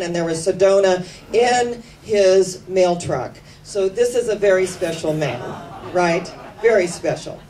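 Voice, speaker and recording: A woman giving an inspirational sermon, telling stories with slow, emphatic phrasing that sometimes sinks to hushed tones. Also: on the low side. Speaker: spiritual speaker. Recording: distant mic with faint background noise.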